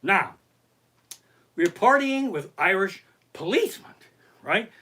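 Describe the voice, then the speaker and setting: Lively, profane male comedian. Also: high voice, slow pace, slight background noise. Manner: profane, animated anecdotes. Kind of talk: stand-up storytelling on a live stream. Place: his living room. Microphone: basic home setup.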